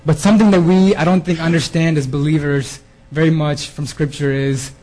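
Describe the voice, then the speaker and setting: A man's voice: a little high, fairly even intonation, brisk, darkish tone, low-quality recording. A man preaching a sermon in an earnest way, often repeating words and restarting his phrases. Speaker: preacher giving a theme talk.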